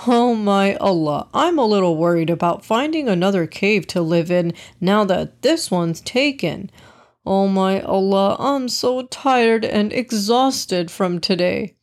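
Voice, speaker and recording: A woman's voice: mid-range voice, close to an everyday voice. A woman voicing an anxious, tired young male bat who rambles worried prayers.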